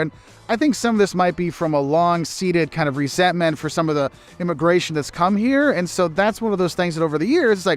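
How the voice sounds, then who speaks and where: American man, high-pitched, casual outdoor travel vlogger, talkative and repetitive, soft background music. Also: lively intonation, fast talker. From United States. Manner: chatty, repeats words, mimics locals in asides. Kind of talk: casual travel advice to camera. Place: outdoors in a city.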